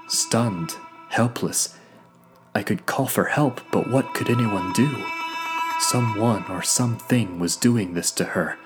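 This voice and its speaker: A man reading a first-person story as a narrator, measured and sometimes hushed. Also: low-pitched. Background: faint background music.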